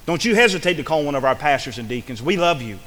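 A male pastor preaches in a bright, high voice. He repeats his phrases and restarts them fervently. The sound rings with long reverb, as in a church hall. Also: expressive, quick pace. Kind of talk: sermon.

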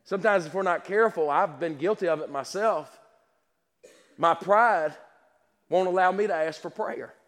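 A man's voice: sits high, moderate pace, long pauses, fairly bright tone. A man preaching a sermon with passion, repeating words and restarting his sentences. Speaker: pastor. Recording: long hall reverb.

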